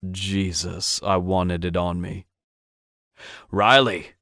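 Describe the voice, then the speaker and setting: A man narrating a first-person romance audiobook in an intimate, steady manner. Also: on the low side, unhurried, no room sound, clean studio sound.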